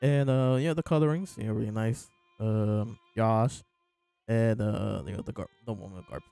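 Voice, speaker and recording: Soft music plays behind this podcast host as he casually reviews a comic chapter. His lowish voice is gravelly yet mellow and smooth, moving at a normal pace, and he meanders along with plenty of fillers and chuckles.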